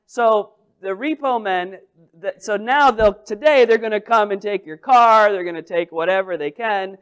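A male pastor delivers a sermon in a high, smooth and clear voice. He talks to the congregation in a conversational, humorous way. He swings between loud, emphatic phrases and quiet asides. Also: normal speed.

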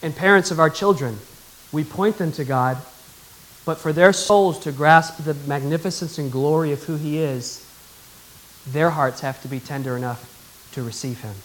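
High-voiced male preacher, emphatic. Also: normal speed, fairly bright tone, low-quality recording. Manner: emphatic, calls for congregation response. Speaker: pastor. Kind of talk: sermon.

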